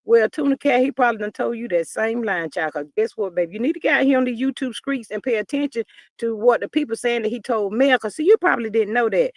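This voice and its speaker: This woman talks fast in a fairly high-pitched voice, with no room sound on her livestream computer mic. She hosts a casual gossip livestream, reading viewer comments in a chatty drawl and addressing everyone as "child."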